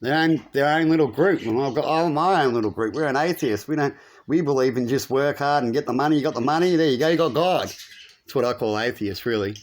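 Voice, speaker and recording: A man giving a rambling, preachy spiritual monologue, his voice climbing when he makes a point. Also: fairly quick. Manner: animated, preachy, rises in pitch when making points. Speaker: spiritual commentator.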